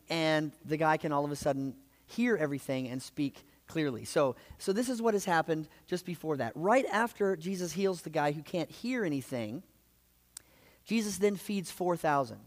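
Male preacher, sermon, lively conversational storytelling, slightly raised pitch, long hall reverb. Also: moderate pace. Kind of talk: sermon retelling gospel stories.

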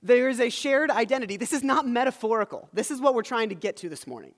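Man, pastor, conversational sermon, scripture retelling with asides, high voice, long hall reverb. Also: animated, fast talker. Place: church hall.

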